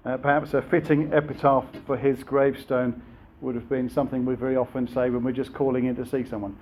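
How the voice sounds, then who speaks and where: A man's voice: medium pitch, little pitch movement, fairly quick, darkish tone, a little hiss or hum. A man preaching a sermon in a conversational way, with frequent fillers and rhetorical questions.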